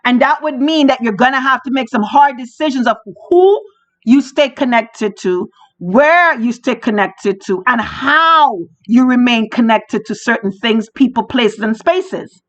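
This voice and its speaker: A woman with a high voice gives religious commentary as a podcast host. She talks in an emphatic, preachy way and hammers her points by repeating phrases. The recording sounds dull and lo-fi. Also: expressive, a little slow.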